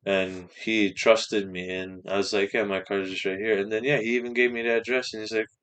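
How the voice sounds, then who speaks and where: Young male podcast guest, low-pitched, animated profane storyteller. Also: brisk, clear, resonant tone. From Canada. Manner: swearing, animated anecdote with quoted voices. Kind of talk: casual storytelling.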